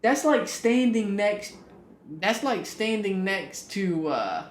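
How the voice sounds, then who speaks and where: A man co-hosting a casual podcast, telling stories and rising loud for punchlines. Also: sits high, lively intonation, slow, slight background noise. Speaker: podcast co-host. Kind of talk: casual chat. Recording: echoey room.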